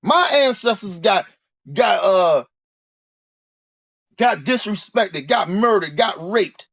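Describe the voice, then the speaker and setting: Angry high-voiced man ranting. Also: lively intonation, takes it slowly, vocal fry, fairly bright tone, breathy edge, no echo, muffled recording. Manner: angry, profane, preachy, repeats words. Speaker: commentator. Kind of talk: heated monologue rant.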